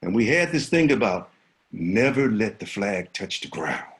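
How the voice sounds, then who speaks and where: An older man telling a personal story vividly, swinging from loud to hushed. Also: on the low side, big pitch swings, measured pace. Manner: vivid, dramatic, shifts between loud and hushed.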